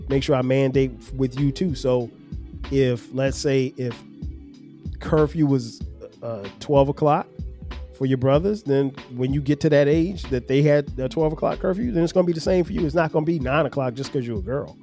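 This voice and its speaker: A man's voice: medium pitch, normal speed, mellow, soft background music. A middle-aged man hosting a podcast, talking earnestly with his children about parenting, explaining at length with frequent restarts. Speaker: podcast host and father. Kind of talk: reflective family conversation.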